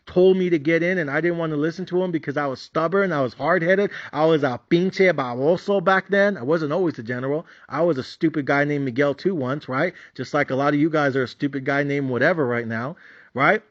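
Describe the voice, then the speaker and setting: Profane, animated man ranting on a podcast. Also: fairly high pitch, a little fast. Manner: profane, animated, repetitive storytelling. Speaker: podcast host. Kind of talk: comedic rant. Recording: slightly dull, dry lo-fi recording.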